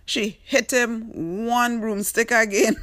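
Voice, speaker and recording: A woman's voice: a little high, fairly even intonation, slow, a bit bright, dry recording, clean studio sound. A woman with a Trinidadian accent, telling a comic story and teasing its character with exclamations. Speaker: storyteller host.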